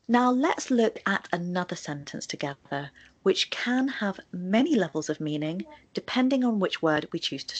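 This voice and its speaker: A woman presenting a scripted video lesson on sentence stress, explaining with spoken examples. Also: mid-range voice. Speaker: English tutor in a video.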